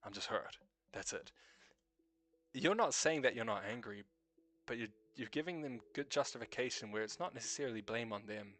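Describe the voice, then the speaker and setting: A man's voice: mid-range voice, expressive, normal speed, fairly bright tone, soft background music. A young man with a New Zealand accent, hosting a casual late-night stream chat, swearing freely, laughing often and musing about life. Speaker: stream host.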